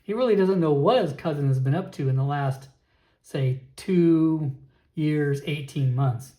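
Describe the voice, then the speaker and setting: A man narrating a solo tabletop game, thinking aloud with frequent pauses and restarts. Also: on the high side, dark tone, roomy sound.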